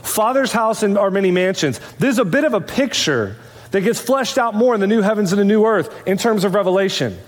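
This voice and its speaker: A man's voice: high-pitched, animated, brisk, big-room sound. A man preaching a sermon as pastor of a church, conversational and full of rhetorical questions. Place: church sanctuary.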